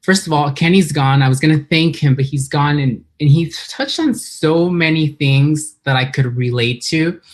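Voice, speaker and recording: A woman from San Diego, California, speaks into her computer on an online video call, giving an earnest, emotional talk about her personal recovery at a meeting. She sounds a little nervous. Her voice sits low, moving at a normal speed with few pauses.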